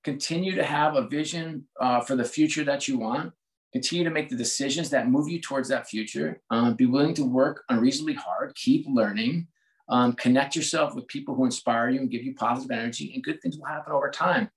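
Brisk and mid-range, this man's voice comes through a low-quality recording. An American in his forties and a sports executive, he is an interview guest in casual conversation, reflective and candid, often starting his sentences over.

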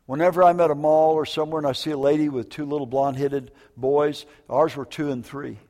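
A man's voice: on the high side, steady tone, a little fast, warm tone. An older man preaching a sermon, telling a personal story in a folksy, emotional way with frequent asides. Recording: long hall reverb.

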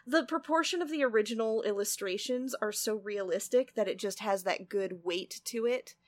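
A woman's voice: mid-range voice, moderate pace, no room sound, studio quality. A woman co-hosting a podcast, chatting playfully about a children's book and often agreeing with her partner. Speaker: podcast co-host. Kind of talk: casual book discussion.

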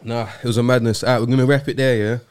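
A man's voice: medium pitch, steady tone, very fast, clear, resonant tone. A young man hosting a podcast, talking in laid-back, slang-heavy casual chat. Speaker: podcast host.

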